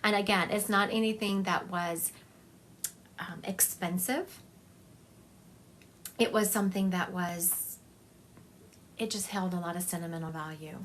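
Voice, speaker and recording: A woman's voice: lowish voice, steady tone, unhurried, long pauses, fairly bright tone, slight background noise. A woman giving a psychic medium reading on a live stream, talking in a chatty, confiding way and thinking aloud as she goes.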